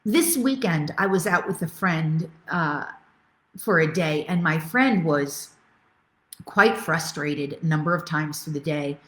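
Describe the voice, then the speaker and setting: A middle-aged woman coaches a live online group with bright enthusiasm, reading out viewers' comments and answering them. Her voice sits on the low side. The sound carries a noticeable room echo. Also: animated, unhurried. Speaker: spiritual coach. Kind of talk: live webinar teaching.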